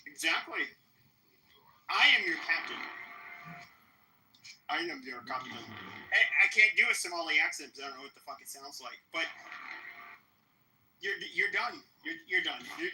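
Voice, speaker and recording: A man's voice: high voice, animated, fairly quick, pushed and bright. A man hosting a podcast, delivering a profane, taunting, repetitive confrontational rant. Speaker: podcast host. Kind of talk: confrontational live-stream rant. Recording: roomy echo.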